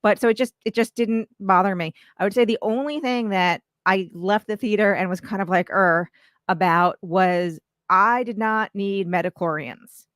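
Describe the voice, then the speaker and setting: A woman in her forties co-hosts a relaxed live stream, reminiscing in a chatty, reflective way, loose with fillers like "you know". Her voice sits at an ordinary pitch, recorded close and dry. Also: normal speed, no room sound. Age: 40s. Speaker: co-host. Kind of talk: casual live-stream chat.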